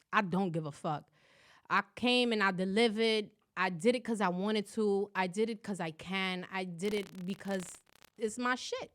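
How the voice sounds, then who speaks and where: A woman hosting her own podcast, talking loudly and profanely in a casual, animated solo monologue full of slang. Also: mid-range voice. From New York. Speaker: podcast host.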